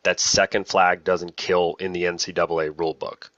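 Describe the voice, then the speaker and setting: A man's voice: deep voice, flat delivery, moderate pace, few pauses, fairly bright tone, dry recording, dull audio. A man training new lacrosse officials in a casual, self-deprecating way, often repeating key points. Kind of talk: casual online training talk.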